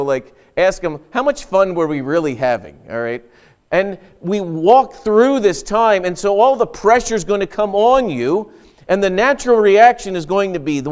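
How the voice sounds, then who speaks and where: A man delivers a sermon in an earnest, emphatic way, often restarting his sentences. His voice sits a little high for a man and comes through smooth and clear. He sounds like a pastor speaking to his congregation.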